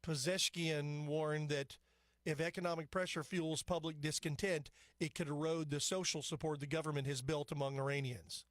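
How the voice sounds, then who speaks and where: A male talk-radio host rambles through the news and his own asides with an opinionated, chatty delivery. His voice sits a little high for a man. It is recorded dry and close in a studio. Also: steady tone, normal speed, no echo. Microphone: studio microphone.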